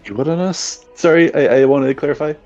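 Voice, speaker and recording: A man's voice: fairly high pitch, a little fast, a little mellow, lo-fi sound, faint music behind. A man casually playing a tabletop game, friendly and asking to clarify things. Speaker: player.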